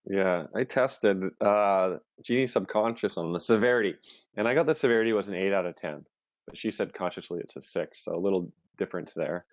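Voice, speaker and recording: A man co-hosting a live online session, quietly talking through the steps of his process. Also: fairly quick, no echo. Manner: low-key, murmurs steps to himself. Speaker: co-host, practitioner. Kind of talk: live-stream session narration. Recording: dull lo-fi stream audio, dry.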